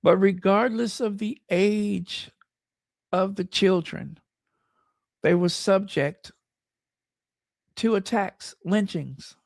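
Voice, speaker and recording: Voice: medium pitch, takes it slowly, gravelly, long pauses, a little mellow, dry recording, clean studio sound. An American host giving impassioned, emphatic livestream commentary and reading viewer comments aloud. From United States. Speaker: channel host.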